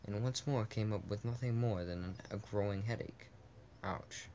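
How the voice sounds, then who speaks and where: A man's voice: on the low side, moderate pace, darkish tone, a little hiss or hum. A man reading a text adventure game aloud in a casual let's play, often restarting words and adding asides.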